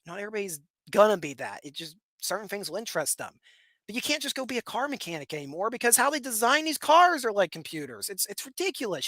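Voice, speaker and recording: A young man with a Western Pennsylvania accent talks through a solo commentary in a high, bright, forward voice. He rambles, restarts and repeats words, now and then chuckling. The sound is close and dry, with no room around it. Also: no echo. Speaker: podcast host.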